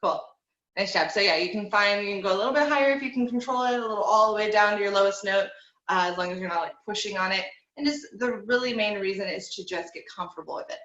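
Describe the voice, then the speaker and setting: Relaxed woman teaching voice over video call. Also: mid-range voice, fast. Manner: relaxed, encouraging, demonstrates with hums and slides. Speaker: vocal teacher. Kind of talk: online group voice lesson. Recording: dull, echoey room sound.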